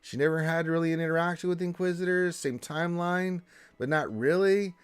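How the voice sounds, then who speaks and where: A man's voice: a little high, steady tone, fairly quick, smooth, no echo. A man hosting a casual livestream, reading viewer questions and answering in a loose, chatty way with many fillers and restarts. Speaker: livestream host.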